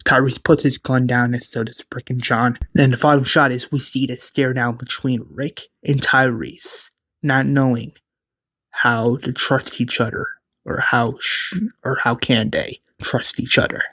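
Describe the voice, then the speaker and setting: Slow-talking man retelling his story. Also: mid-range voice, level tone, fairly bright tone, no room sound. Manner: casual, restarting words, voicing the characters. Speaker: series creator and narrator. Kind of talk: casual retelling of a fan story.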